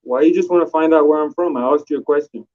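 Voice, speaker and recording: A man's voice: on the high side, fast talker, warm tone. A man calling in to a live stream, arguing in a confrontational way and swearing, heard through muffled lo-fi call audio. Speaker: caller. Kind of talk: heated call-in argument.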